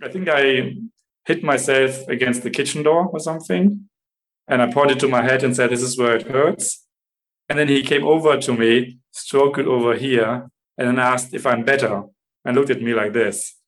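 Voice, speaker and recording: A man, a father, telling a fond story with halting pauses and a searching manner. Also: medium pitch, steady tone, rough recording. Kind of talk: personal storytelling.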